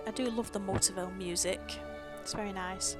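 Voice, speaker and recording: A woman's voice: medium pitch, fairly even intonation, fairly quick, over music. A woman giving casual gameplay commentary with amused, offhand asides.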